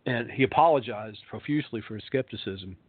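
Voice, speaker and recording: A man's voice: lowish voice, brisk, no echo. A male pastor, telling a ghost story in a rambling way, full of ums and uhs, heard over a phone line. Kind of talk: storytelling on a talk show.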